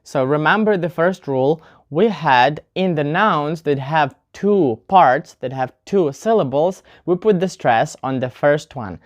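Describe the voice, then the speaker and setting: A woman's voice: low-pitched, expressive, measured pace, few pauses, dull audio. A woman giving a casual online English pronunciation lesson, chatty and talking straight to viewers, demonstrating word stress aloud. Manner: chatty, often addresses viewers as "guys".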